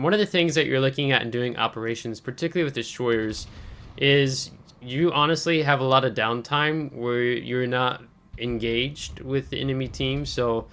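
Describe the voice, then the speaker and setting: His voice sits at medium pitch, pushed and bright, as he hosts a channel and talks casually through a viewer's game. The commentary is analytical but halting, peppered with ums, and he coughs repeatedly.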